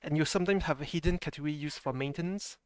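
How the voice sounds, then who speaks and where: A man's voice: fairly high pitch, very fast, clean tone, dry recording. A man with a French accent, hosting a casual live stream and chatting with a laugh in his voice. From France. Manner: chatty, laughs often, mixes in French phrases. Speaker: stream host.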